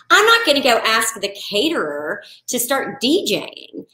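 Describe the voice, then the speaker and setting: A woman, a wedding florist, talking casually on a live stream and answering viewer questions in a chatty, animated way. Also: mid-range voice, moderate pace, reverberant. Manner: chatty, animated, acts out clients in quoted voices. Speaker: wedding florist and business coach.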